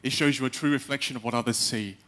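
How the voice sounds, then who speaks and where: A young man giving a live talk on stage, animated, acting out little quotes and speaking straight to the audience. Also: mid-range voice, quick pace. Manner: animated, acts out quotes, addresses the audience directly.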